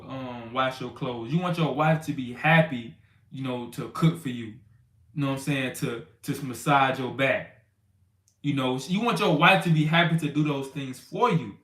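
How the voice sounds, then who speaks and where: A man gives a relaxed Bible lesson in loose, everyday speech, his voice sitting a little high. The room around him rings with echo. Now and then he acts out arguments in a loud, raised voice. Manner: conversational, loose street talk with many "you know what I'm saying". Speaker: teacher of a congregation. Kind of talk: casual Bible teaching.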